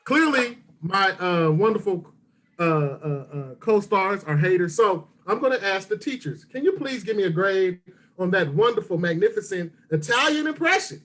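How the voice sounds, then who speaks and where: A man's voice: sits high, animated, moderate pace, a bit bright. A man co-hosting a casual comedy podcast, playful and teasing, often repeating himself. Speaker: co-host.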